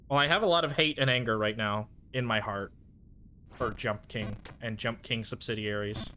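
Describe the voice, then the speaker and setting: A man's voice: mid-range voice, moderate pace, pauses often, bright, forceful tone, a little hiss or hum. A man streaming a game, chatting casually and muttering to himself through his frustration. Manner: frustrated, self-soothing muttering between bursts. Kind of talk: casual gaming stream commentary.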